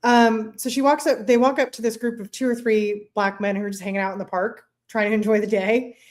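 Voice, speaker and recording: A woman co-hosting a casual chat show, telling stories with animated, blunt delivery and frequent swearing. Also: on the high side, brisk. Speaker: podcast co-host.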